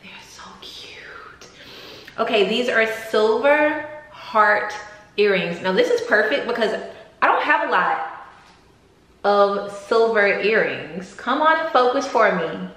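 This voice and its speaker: A young woman vlogger with a mid-range, fairly bright voice and lively intonation chats unhurriedly to camera as she unboxes gifts. She gushes casually, dropping "like" and "y'all" constantly. The room is echoey, with faint background noise.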